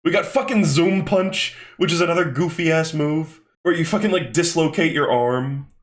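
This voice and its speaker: A man's voice: fairly high pitch, normal speed. Profane, rambling young man. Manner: profane, rambling, with many fillers. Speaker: host. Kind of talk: casual commentary while skimming a manga.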